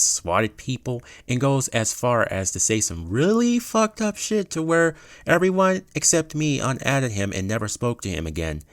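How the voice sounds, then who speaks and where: A man's voice: lowish voice, fairly bright tone, no room sound, studio quality. A young man telling a gaming story in a casual storytime manner, swearing freely as he goes.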